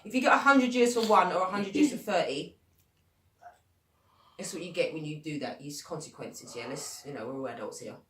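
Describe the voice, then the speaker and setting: A woman's voice: lowish voice, brisk, a bit bright, recorded from a distance. A young woman hosting a casual podcast chat. She is blunt and swears freely. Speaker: podcast host. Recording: echoey room, voice from off the mic.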